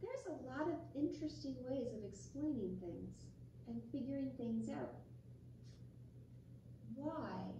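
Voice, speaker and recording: A woman in her forties reading a story aloud and teaching young children in a gentle, slow way. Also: on the high side, a little hiss or hum. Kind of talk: storybook reading and kids' lesson. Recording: echoey room from far off.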